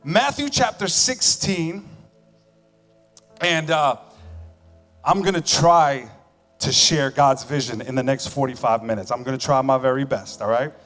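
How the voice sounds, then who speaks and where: A male pastor preaching a sermon on a church stage, conversational and joking, swinging between loud emphasis and quiet asides. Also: mid-range voice, normal speed. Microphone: stage microphone with monitors. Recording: long church hall reverb, faint music.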